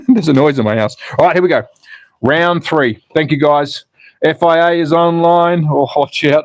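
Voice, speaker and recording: A man at home, excitedly calling slot car races on a live stream and casually chatting with viewers. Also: on the high side, normal speed, no room sound, poor audio. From Australia. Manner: excitable commentary, then relaxed chatting with viewers. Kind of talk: live race commentary and chat reading. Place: home in Austria.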